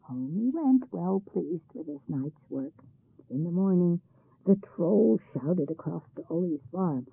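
Husky woman reading a folk tale. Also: lowish voice, lively intonation, a little slow, no echo. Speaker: storyteller. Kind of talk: scripted narration of a folk tale. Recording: tinny phone-like band-limited sound.

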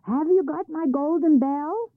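A woman reading a storybook, voicing a big, greedy male troll who talks loudly and gloats. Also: sits high, a little slow, dry recording, voice pushed up. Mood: demanding. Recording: tinny phone-like sound.

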